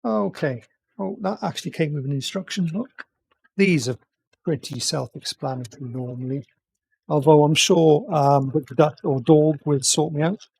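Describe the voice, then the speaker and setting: A man muttering quietly to himself as he chats casually on a live stream, talking through a build. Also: on the high side, moderate pace, gravelly, husky, no room sound. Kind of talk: casual live-stream chat while working.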